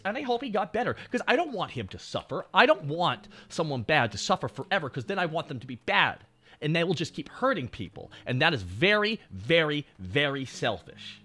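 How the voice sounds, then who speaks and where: A man's voice: fairly high pitch, big pitch swings, a little fast, pushed and bright. A young man, telling a story casually on stream in a profane, rambling way.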